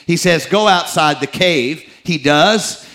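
A middle-aged male pastor preaching a sermon, moving between loud emphatic peaks and low confiding asides, with teasing, self-deprecating humor. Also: slow, poor audio.

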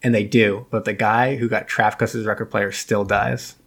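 A man's voice: on the low side, little pitch movement, normal speed, fairly bright tone, slightly rough. A young man co-hosting a podcast, rambling and joking as he retells a movie's plot. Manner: rambling, jokey, acts out characters' lines. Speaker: podcast co-host. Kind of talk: casual chat recapping a movie.

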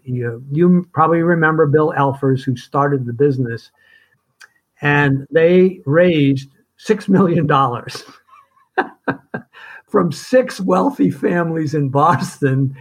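An older man, co-founder of a firm, looking back in a conversation, reflective and halting, with restarts and chuckles. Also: on the high side, rough recording. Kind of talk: reminiscing conversation.

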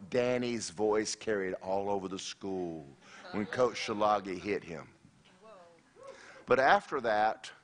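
A man preaching a sermon, telling a personal story in an animated way with frequent restarts and direct questions to the audience. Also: medium pitch. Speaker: pastor.

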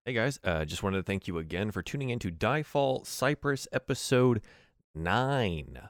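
Enthusiastic male host, animated, dry close sound. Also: on the low side, moderate pace, no room sound. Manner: upbeat, enthusiastic. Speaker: show host. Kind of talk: announcing a break and plugging the show.

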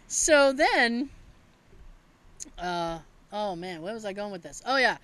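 A woman casually telling stories in a chat, animated and laughing often, with a bit of swearing. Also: mid-range voice, slow pace, long pauses, a little hiss or hum, low-quality recording.

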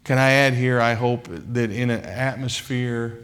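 A male pastor preaching a sermon in a church. He is emphatic, with dramatic pauses and heavy repetition. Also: medium pitch, steady tone, fairly bright tone, clean tone. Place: church sanctuary.

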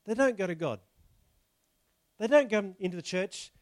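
High-voiced pastor preaching. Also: male voice, animated, normal speed, no echo. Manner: chatty, explains the text and asks the congregation rhetorical questions. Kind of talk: conversational sermon.

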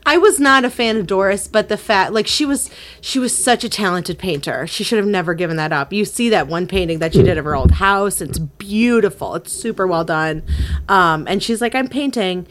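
A young woman co-hosting a podcast, talking about a film in an eager, gushing way and quickly agreeing. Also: mid-range voice, expressive, fairly bright tone, a little hiss or hum. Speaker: podcast co-host. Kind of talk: casual film review chat.

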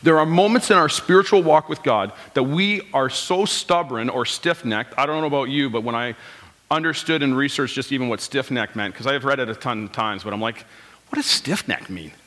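A man's voice: mid-range voice, brisk, fairly bright tone. A man in his thirties preaching a conversational sermon in a church, with rhetorical questions and quoted lines of his congregation. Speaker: pastor. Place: church sanctuary. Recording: long hall reverb.

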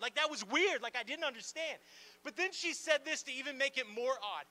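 A man preaching a sermon to a church gathering in an animated, conversational way, with playful asides and lots of "like" fillers. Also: very high voice, fairly quick. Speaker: pastor. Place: church gathering in a large room.

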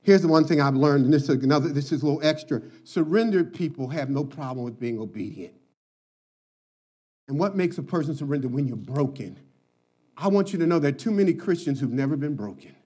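A man's voice: a little high, expressive, brisk, a little mellow, slightly rough. A man preaching a sermon, telling stories and stressing his points by repeating words, and chuckling as he tells them. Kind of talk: sermon with storytelling.

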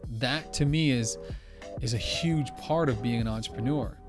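A young man, a podcast guest, telling a story in casual chat, animated and acting out what others said. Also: mid-range voice, moderate pace, over music. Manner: animated, quotes others, says blah blah.

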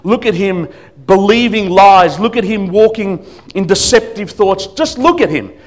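A preacher doing a gloating, sneering devil. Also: male voice, sits high, expressive, unhurried, voice pushed up. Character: mocking male devil, gloating and scornful.

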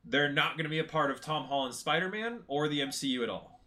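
A man hosting a casual podcast chat, retelling movie scenes in a lively way and swearing freely. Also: a little high, fast talker. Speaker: podcast host.

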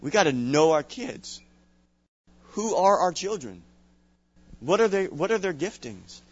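A man's voice: a little high, animated, a little slow, husky. A middle-aged man from Louisiana preaching a sermon to fathers in a casual, conversational way with frequent restarts and small chuckles. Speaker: pastor. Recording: dull lo-fi sound.

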